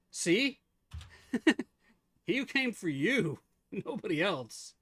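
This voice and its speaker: A man's voice: high-pitched, very animated, very slow, a bit bright, husky, no room sound. A man streaming a game live, chatting casually with viewers, teasing them and laughing often.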